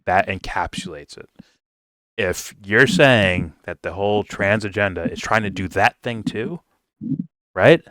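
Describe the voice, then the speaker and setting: A man's voice: on the low side, a little slow, fairly bright tone, no echo. A man giving a casual review, talking bluntly and swearing freely. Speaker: film reviewer. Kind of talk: casual commentary rant.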